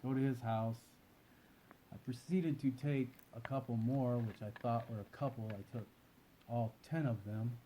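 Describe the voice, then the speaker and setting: Man, dark mellow tone, plain-spoken casual storytelling, faint rumble behind. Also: steady tone, a little slow, low-quality recording. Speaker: guest.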